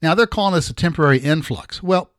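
A middle-aged man talks through the news in a loose, halting way, restarting his sentences and throwing in blunt, sarcastic asides. His voice sits fairly high for a man. The sound is dry and close, with no room around it. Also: a bit bright, dry recording. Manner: rambling, halting, with many restarts. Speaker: podcast host. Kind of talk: casual political commentary.

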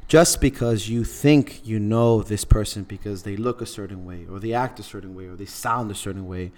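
A man with a lowish, darkish voice speaks at a normal speed as he hosts a podcast. He tells a story earnestly and from the heart, repeating himself often, in a casual podcast style.

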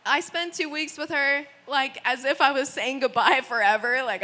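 A young woman from the United States telling a story to friends in a casual, animated way, laughing often and swearing as she acts out what people said. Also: high-pitched, moderate pace, few pauses.

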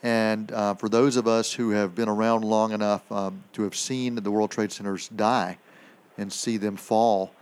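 Lowish-voiced guy co-hosting a movie review chat on the radio, rambly with lots of uhs. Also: little pitch movement, a little slow, darkish tone, smooth. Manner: rambling, many fillers and restarts. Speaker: radio movie segment co-host. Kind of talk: casual film review chat.

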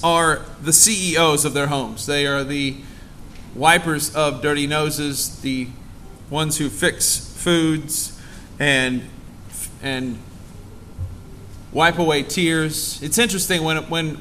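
A man with a high, bright voice preaches to a congregation in an animated, conversational way. He slips into little acted voices for people he quotes. Faint room hum sits behind him. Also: takes it slowly. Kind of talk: sermon.

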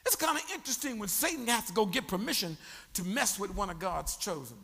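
A male pastor preaches with a high, lively voice that swings widely as he jokes and calls out to his congregation. His tone is gravelly and bright. The sound carries the long reverb of a church hall. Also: fast talker. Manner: animated preaching with crowd prompts and humor. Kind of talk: sermon.

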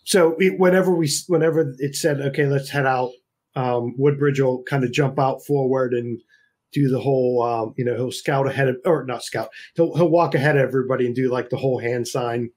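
A man's voice: mid-range voice, brisk, a little mellow. A man playing a tabletop game, hesitantly describing what his character does. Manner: thinking aloud, hesitant. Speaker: player.

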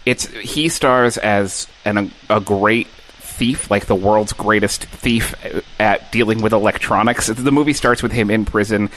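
Low-voiced wry male co-host. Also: fairly even intonation, unhurried, a bit bright, a little hiss or hum, poor audio. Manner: rambling, restarting, wry. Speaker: podcast co-host. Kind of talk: casual podcast chat.

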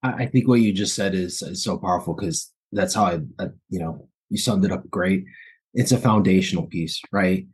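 Low husky-voiced male podcast host. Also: normal speed, darkish tone. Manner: casual, rambling, full of "like" and restarts. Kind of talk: podcast interview.

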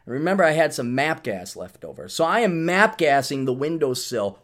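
A man's voice: on the high side, normal speed, few pauses. A man hosting a podcast, telling rambling, profane stories and acting out quotes. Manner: profane, animated storyteller who acts out quotes. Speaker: podcast host. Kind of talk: rambling comedic monologue.

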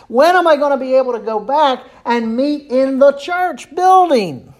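A man's voice: extremely high pitch, lively intonation, unhurried, few pauses. A man preaching a sermon as pastor, earnest and repeating phrases for emphasis.

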